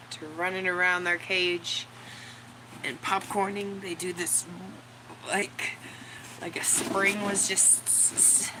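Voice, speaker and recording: A woman hosting a casual live chat from home, rambling to viewers and cooing baby talk to her dog. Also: lowish voice. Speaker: livestream host chatting with viewers. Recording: loud background noise with dog sounds. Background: dog barking.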